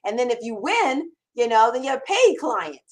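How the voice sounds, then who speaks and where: Emphatic woman copywriting mentor, higher voice. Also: big pitch swings, moderate pace, low-quality recording. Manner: emphatic, conversational, repeats phrases and restarts. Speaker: copywriting mentor and show host. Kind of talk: live Q&A chat.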